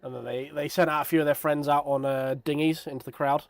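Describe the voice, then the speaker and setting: A man's voice: fairly high pitch, flat delivery, quick pace, no room sound. Rambling, self-deprecating male streamer in his thirties. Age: 30s. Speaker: sim racing streamer. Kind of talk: casual live stream chat.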